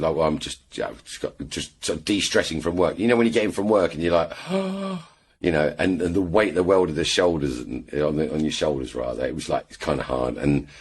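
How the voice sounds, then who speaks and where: A British man with a very low, husky voice, chatting as a podcast guest. He rambles through his stories, doubling back and adding asides as he goes. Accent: British English. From England. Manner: rambling storyteller, lots of restarts and asides. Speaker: podcast guest, airgun shooter. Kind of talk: casual chat.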